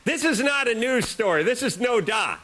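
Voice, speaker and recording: A man's voice: very high voice, normal speed. A man hosting a late-night show, delivering a rambling, sarcastic comic monologue. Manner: sarcastic, rambling, deadpan jokes.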